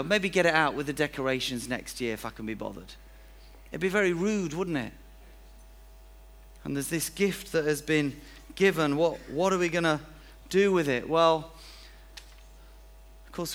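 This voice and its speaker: A man's voice: on the high side, a bit bright. A man preaching a sermon in a church, chatty and self-deprecating, acting out little everyday scenes.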